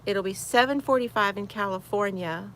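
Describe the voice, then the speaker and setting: With a mid-range, fairly bright voice and a moderate pace, a woman leads an easygoing crochet livestream from her she shed. She names viewers as she greets them, reads chat aloud, and laughs often, while slight background noise can be heard.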